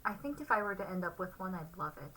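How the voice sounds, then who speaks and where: A woman's voice: lowish voice, expressive, fast talker, pushed and bright, far from the mic, low-quality recording. A woman co-hosting a casual chat show, playful and teasing, often laughing. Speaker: podcast co-host.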